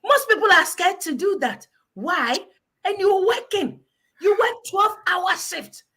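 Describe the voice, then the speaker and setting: Woman from Africa, guest, exhortative advice talk, high voice, bright tone. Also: animated, unhurried. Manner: emphatic, exhortative, preachy.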